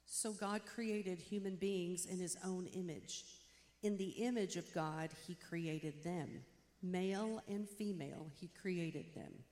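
Woman reading a bible verse slow, lots of room echo. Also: lowish voice, a little mellow. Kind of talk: scripture reading. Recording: roomy echoey hall with long reverb.

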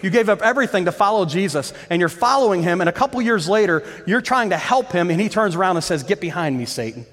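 A man's voice: high-pitched, fast, hardly any pauses, a bit bright, big-room sound. A male pastor preaching a sermon with fervour, repeating phrases and asking the congregation questions.

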